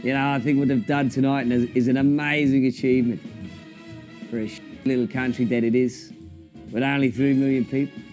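A man's voice: medium pitch, little pitch movement, a little fast, darkish tone, faint music behind, close to an everyday voice. A man doing a comedy impression of a defensive, cocky older male rugby coach, ending every line with "mate". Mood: defiant.

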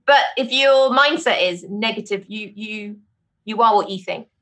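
A woman's voice: mid-range voice, normal speed, a bit bright. A British woman chatting casually as a podcast guest, laughing often and acting out her own reactions. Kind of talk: casual interview chat.

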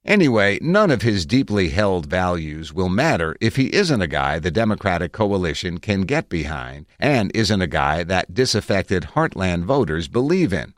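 A man narrating his own article in a reflective, measured way with wry asides, recorded on a close studio mic. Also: low voice, big pitch swings, no room sound. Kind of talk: scripted narration.

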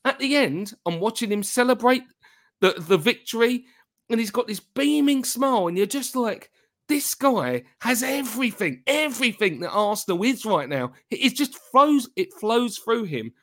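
A man hosting a casual football podcast, talking in an excitable, gushing way with halting restarts. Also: very high voice. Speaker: podcast host.

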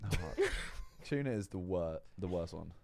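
A man's voice: low voice, animated, unhurried, vocal fry, noisy background. A man hosting a casual podcast, often laughing as he tells stories. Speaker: podcast host.

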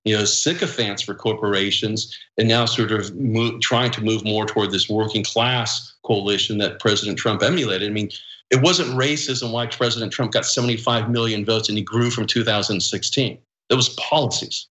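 A man from Los Angeles makes his case in a political debate, steady and measured, leaning on fillers and restarts. His voice is bright and forceful. The recording has a roomy echo. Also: fairly low pitch. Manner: measured, leans on "you know" and restarts. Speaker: political strategist guest. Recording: echoey room.

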